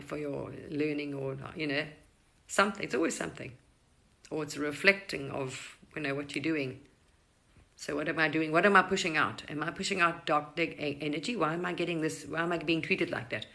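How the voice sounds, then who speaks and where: A middle-aged woman hosting a casual live stream, rambling gently through spiritual advice with frequent restarts. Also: sits low, fairly quick, creaky, rough recording. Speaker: livestream host.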